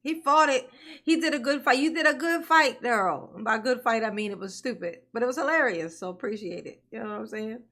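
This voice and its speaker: Hosting a relaxed livestream, this woman greets viewers by name, laughs a lot, and calls them honey and baby. Her voice is a little high and fairly bright, and she talks fairly quickly.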